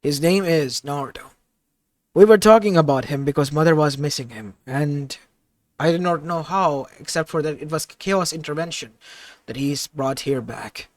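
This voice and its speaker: A man's voice: a little high, moderate pace, dry recording, natural voice. A man voicing a formal king of the gods. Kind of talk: improvised fan-fiction audio story.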